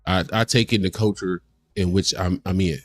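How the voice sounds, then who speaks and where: Hosting a livestream, a man with a low voice reacts to clips in a heated, animated and profane rant at normal speed. The audio is close and dry with no echo, and faint music plays beneath him.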